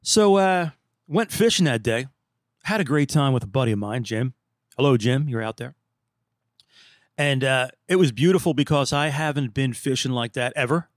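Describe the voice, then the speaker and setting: A man's voice: medium pitch, normal speed, dry recording, clean studio sound. Laid-back man telling rambling stories. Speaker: podcast host. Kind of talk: casual storytelling monologue.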